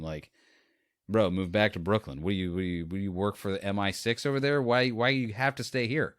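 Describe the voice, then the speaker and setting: A man co-hosting a podcast, chatting casually about a movie and retelling scenes in a rambling, animated way. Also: on the low side, brisk, smooth, no echo, clean studio sound. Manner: rambling, animated retelling with quoted lines and laughs. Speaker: podcast co-host. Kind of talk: casual movie review chat.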